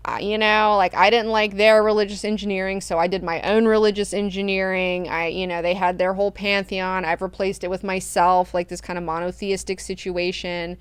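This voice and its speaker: A woman's voice: mid-range voice, little pitch movement, brisk, hardly any pauses, clean tone, no echo, close to an everyday voice. A woman voicing a male god-emperor in a book recap, talking in a blunt, slangy, profane way. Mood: confiding.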